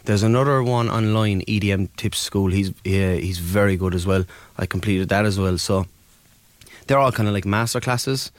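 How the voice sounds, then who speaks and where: A man's voice: on the low side, normal speed, no echo. An Irish man, a DJ guest on a radio show, chatting easily and telling stories with plenty of ums. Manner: easygoing storyteller, many ums and mates. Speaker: DJ and producer guest. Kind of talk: casual radio interview chat. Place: radio studio.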